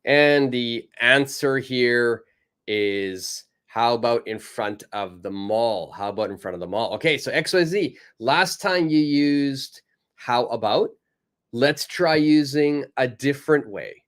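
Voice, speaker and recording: Slow, patient male English teacher. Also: mid-range voice, a bit bright, clear, resonant tone. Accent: North American English. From North America. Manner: patient, encouraging, repeats phrases slowly for practice. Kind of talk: live online English lesson.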